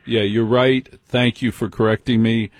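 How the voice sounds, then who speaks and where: A man's voice: medium pitch, little pitch movement, normal speed, dry recording. A man hosting a late-night call-in radio show, teasing his callers bluntly.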